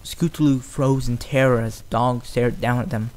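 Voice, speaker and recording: A man's voice: medium pitch, fairly even intonation, moderate pace, a little mellow. A man narrating a fan storybook in an unpolished, home-read way. He reads plainly and now and then stumbles and restarts a line. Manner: plain reading with some restarts.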